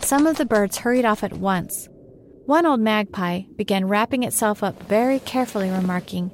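A woman reading a classic storybook aloud in an even, measured way. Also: mid-range voice, slight background noise.

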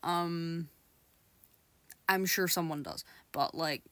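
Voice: medium pitch, fairly even intonation, takes it slowly, bright, forceful tone, no echo. A person with a Scottish accent, ranting casually to camera, exasperated and hesitant, with many fillers. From Scotland. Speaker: vlogger.

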